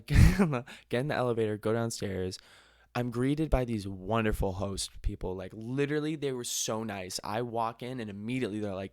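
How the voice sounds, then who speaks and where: A young man hosting a podcast, telling a funny story in casual chat, animated, laughing often and swearing casually. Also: lowish voice, normal speed, dry recording, studio quality. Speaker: podcast host.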